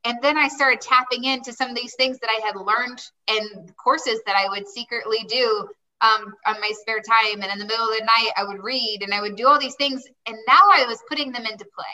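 A woman's voice: fairly high pitch, steady tone, fairly quick, pushed and bright, far from the mic, poor audio. A woman guest telling her life story in a chatty way, often quoting herself and saying "like". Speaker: interview guest. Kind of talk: personal storytelling.

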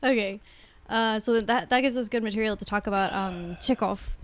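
A woman's voice: medium pitch, soft background music. Playful chatty woman podcast host. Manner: playful, chatty, quick asides. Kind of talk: casual podcast chat.

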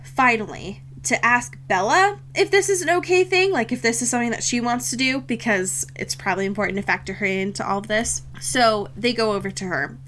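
Young woman, podcast co-host, casual recap, often laughing, fairly high pitch, faint hum behind. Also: fairly quick, few pauses, a bit bright. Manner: laughing often, swearing, acting out characters' lines. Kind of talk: casual chat.

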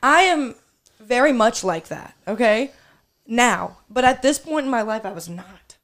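A young woman co-hosting a podcast, loud, brash and playful as she tells stories. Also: on the high side, lively intonation, unhurried. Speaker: podcast co-host. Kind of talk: casual storytelling chat.

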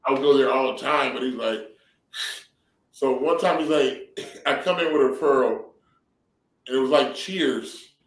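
A man's voice: mid-range voice, steady tone, moderate pace, pauses often. A middle-aged man from San Diego tells stories in a casual interview, loose and laughing, with swearing along the way. His voice sits in the middle of the male range. It is picked up from some distance and carries a roomy echo. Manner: loose, laughing, profanity-laced storytelling. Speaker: comedian and actor guest. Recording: roomy sound from a distant mic.

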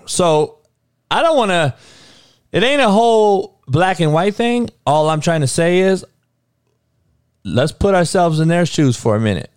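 Talking a little slowly and pausing often, this man has a high-pitched, animated voice with a clear, resonant tone. He hosts a livestream, casually responding to chat in a heated, foul-mouthed way, throwing out rhetorical questions amid frequent restarts and stammered repeats. It's studio quality, with no room sound.

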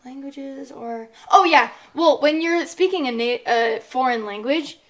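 Speaking a little slowly with a high voice, a young podcast co-host rambles through a casual chat full of fillers.

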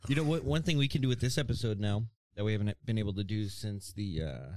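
A man's voice: fairly low pitch, fast, a little mellow, no room sound. A young man hosting a podcast in casual chat, teasing his guests and steering the conversation. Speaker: podcast host.

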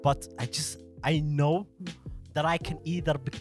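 A man's voice: a little high, fairly even intonation, measured pace, faint music behind. A man in his twenties chatting casually on a podcast, laughing and swearing. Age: 20s. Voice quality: laughing, profane banter. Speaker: podcast host. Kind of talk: casual chat.

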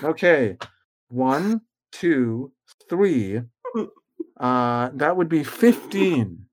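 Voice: medium pitch, sing-song, extremely slow, darkish tone. A game master casually narrating a tabletop game, hesitant and prone to fillers.

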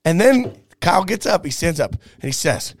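A young man, his voice sitting a little high for a man, tells a story in a casual chat. He acts out quotes with plenty of animation. The sound is dry and close, with no room echo. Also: very animated, moderate pace.

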